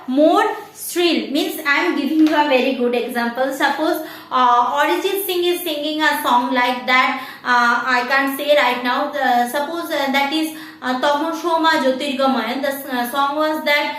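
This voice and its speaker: A woman teacher, lecturing a class on physics, often stopping to ask "Clear?" and singing short examples. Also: high-pitched, moderate pace, few pauses, fairly bright tone. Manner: explains with sung examples and repeated "Clear?" checks. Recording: very echoey room.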